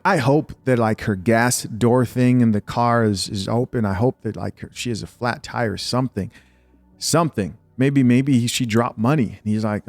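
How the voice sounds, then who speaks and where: A man's voice: medium pitch, normal speed, darkish tone, dry recording, faint music behind. Incredulous man hosting reaction commentary. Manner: incredulous, slangy and blunt. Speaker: host.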